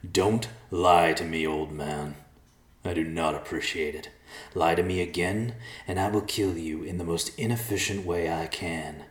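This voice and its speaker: A man voicing a menacing messenger who threatens slowly and coldly. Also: very deep voice, fairly even intonation, echoey room. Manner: threatening, slow, clipped. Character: menacing male messenger, cold killer.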